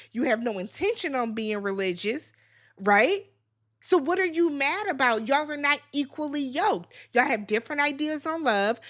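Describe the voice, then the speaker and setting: A woman's voice: sits high, a bit bright. A woman giving a blunt, sassy recap of a reality show, acting out the cast's lines in casual chat. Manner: sassy, blunt commentary with acted-out quotes. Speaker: recap host.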